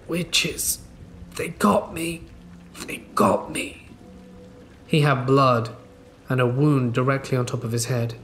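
Man, scary story narration, calm, measured, middle-pitched, faint rain in background. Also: slight background noise. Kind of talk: scripted narration. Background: faint rain ambience.

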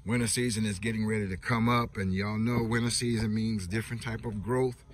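Out in his yard, this homestead vlogger tours his garden in a lowish, steady voice at a fairly quick clip. He chats easily with his viewers and stops now and then to scold the ducks.

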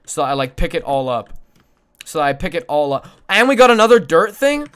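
A young man live-streaming a game, mumbling to himself and his chat, swearing often and breaking into loud excited shouts. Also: a little high, moderate pace, clean tone. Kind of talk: casual gaming livestream chat.

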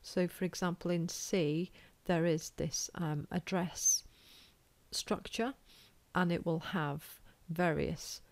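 A college lecturer with a British English accent gives a recorded lecture in a low, steady, slow, somewhat dark voice with no echo. She's informal and self-deprecating, thinking aloud as she draws on a board.

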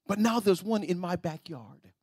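A man pastor preaching a sermon in a church, telling stories, often repeating and restarting words, and swinging between soft and loud. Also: high voice, lively intonation, normal speed, slightly rough, no room sound, studio quality. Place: church sanctuary.

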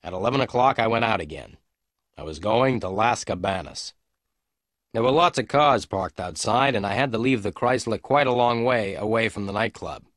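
Low-voiced man narrating a story. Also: a bit bright, no echo, clean studio sound. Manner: clear, measured reading. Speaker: audiobook narrator. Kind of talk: scripted narration for English learners.

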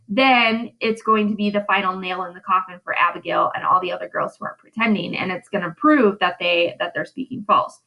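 A woman's voice: medium pitch, pushed and bright, rough recording. A woman English teacher giving a casual, chatty recorded lesson recap, often checking in with "right?".

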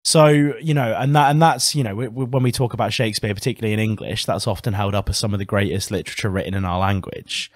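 A man's voice: on the low side, fast talker, hardly any pauses, dry recording. A man co-hosting a casual podcast, articulate and literary, sliding into heated, swearing rants. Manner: heated ranting with frequent swearing; articulate, literary turns of phrase. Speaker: podcast co-host.

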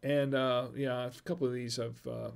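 A man's voice: medium pitch, little pitch movement, normal speed, creaky, clean tone. A man hosting a casual livestream, reading viewer jokes, chuckling at them and trailing off mid-sentence.

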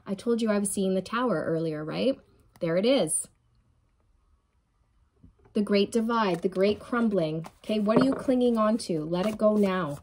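A woman's voice: medium pitch, normal speed, long pauses, a little mellow, slight background noise. A woman giving a channeled tarot reading, emphatic and encouraging, often repeating phrases and checking in with "okay?" and "right?". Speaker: tarot reader.

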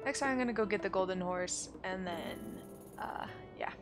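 A woman's voice: mid-range voice, moderate pace. A woman streaming a game, swearing often and ranting about the game. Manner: swears a lot, frustrated ranting. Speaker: let's play gamer. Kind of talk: casual game commentary. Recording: loud game music underneath.

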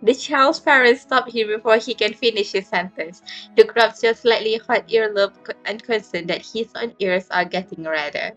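Soft-spoken woman reading a story. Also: on the high side, normal speed, soft background music. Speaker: narrator and reader of the heroine's lines. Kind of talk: calm second-person story narration.

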